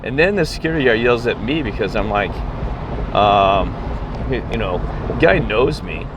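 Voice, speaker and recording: A man's voice: lowish voice, lively intonation, normal speed, muffled recording. A man vlogging, telling a story in a rambling way, full of restarts and self-corrections, and talking to his viewers as folks. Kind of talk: casual storytelling monologue. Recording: noisy background hum.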